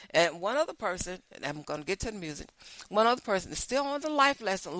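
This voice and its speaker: An older woman, hosting a show and telling folksy, animated stories straight to her listeners. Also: mid-range voice, no room sound. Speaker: show host. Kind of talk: casual storytelling monologue.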